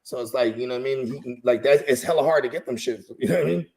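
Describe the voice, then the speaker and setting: A laid-back man in casual conversation, talking in slang and circling back with fillers. His voice carries a rough, gravelly texture through most of his speech. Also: medium pitch, racing, darkish tone. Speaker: guest friend. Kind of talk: casual chat.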